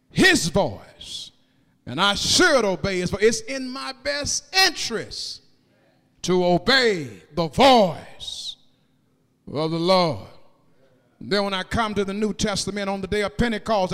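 A man preaching a sermon in a church, moving into sung, rising cadences and shouted peaks, and drawing out key words slowly. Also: very high-pitched. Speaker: pastor. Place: church sanctuary. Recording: long reverb of a large hall.

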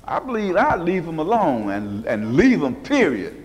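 A man's voice: fairly high pitch, huge pitch swings, normal speed, a little hiss or hum. A man preaching a sermon, telling Bible stories in a folksy way and acting out the people in them with different voices. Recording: long hall reverb.

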